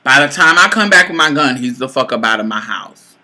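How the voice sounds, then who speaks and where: A woman in her late twenties telling a personal story to camera, bluntly and with heavy profanity, swinging between loud outbursts and low mutters. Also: lively intonation, fairly quick. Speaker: vlogger. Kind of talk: storytime monologue.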